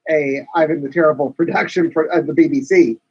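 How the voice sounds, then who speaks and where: A man's voice: fairly high pitch, a little fast, breathy edge. A man co-hosting a casual live podcast, chipping in dryly with trivia. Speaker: podcast co-host. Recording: dull, muffled audio.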